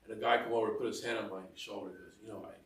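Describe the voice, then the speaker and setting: A man's voice: on the low side, steady tone, racing. Chatty man preaching in an echoey church. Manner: chatty, self-mocking, full of asides and laughter. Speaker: homilist. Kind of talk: conversational homily. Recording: roomy echo, mic heard from a distance.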